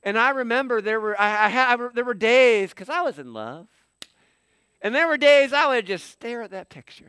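Middle-aged male pastor, bright and crisp, animated sermon delivery. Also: extremely high pitch, moderate pace, no room sound. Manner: animated, acts out quoted dialogue.

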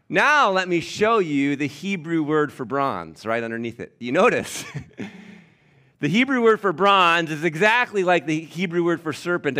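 A pastor preaching an animated, emphatic sermon, teaching from scripture and speaking directly to his congregation. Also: a little high.

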